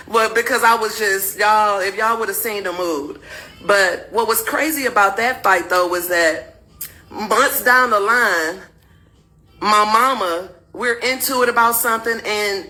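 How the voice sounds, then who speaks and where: A woman's voice: mid-range voice, low-quality recording. A woman telling her own story to viewers candidly and animatedly. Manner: animated, acts out quotes in raised voice.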